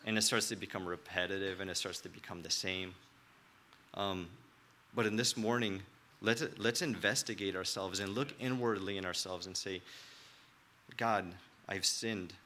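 A young man preaching a sermon in an earnest, halting way, with many restarts and filler words. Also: low-pitched, sharp tone, slight background noise.

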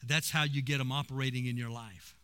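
A man preaching, his voice bright and forceful. He tells stories with plenty of emphasis. His pitch sits in the middle range. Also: steady tone, brisk, clean tone. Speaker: pastor. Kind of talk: sermon.

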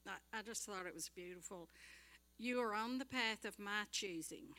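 A woman slowly reading scripture and a devotional passage aloud in a church. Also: medium pitch, sharp tone. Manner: slow, measured reading aloud.

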